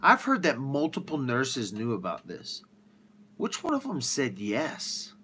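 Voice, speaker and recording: A man hosting a livestream, ranting with rhetorical questions in an animated way. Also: medium pitch, a little slow, a little hiss or hum. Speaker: livestream host.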